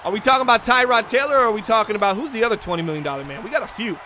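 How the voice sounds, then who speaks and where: Male streamer, play-by-play game commentary, high voice, excitable, hollers on big plays. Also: racing, noisy background. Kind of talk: live video game commentary.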